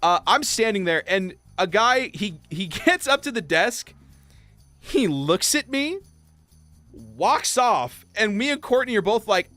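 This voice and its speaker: Animated young man telling a story. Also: measured pace. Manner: animated, acts out quotes in high voices. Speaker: livestreamer. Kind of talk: casual storytelling while gaming. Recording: faint game music behind.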